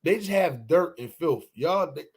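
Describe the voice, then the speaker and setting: High pitched dude riffing on a morning podcast, cussing a lot, voice all over the place. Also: male voice, a little slow, husky. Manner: animated, profane, swings pitch wildly acting out quotes. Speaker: podcast co-host. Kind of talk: casual morning show banter.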